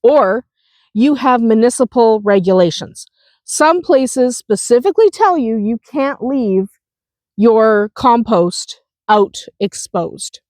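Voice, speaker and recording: A woman's voice: fairly high pitch, a little mellow, no room sound. A woman with a cold hosting a homestead video outdoors, chatty and prone to restarts, explaining how to compost. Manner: chatty, laughs, restarts often. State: has a cold, chewing a lozenge. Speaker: homestead channel host. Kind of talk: casual outdoor how-to talk.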